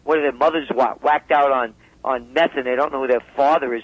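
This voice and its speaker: A man's voice: medium pitch, steady tone, brisk, no room sound. A man speaking as a guest in a radio interview, emphatic and heated as he tells a story. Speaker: guest commentator. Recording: dull dry phone line.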